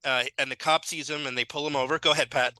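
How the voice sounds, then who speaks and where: A man's voice: on the high side, fairly even intonation, quick pace, pushed and bright, no echo. A man guesting on a podcast, casually and easily sharing bits of trivia. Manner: easygoing, adds trivia. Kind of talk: casual chat.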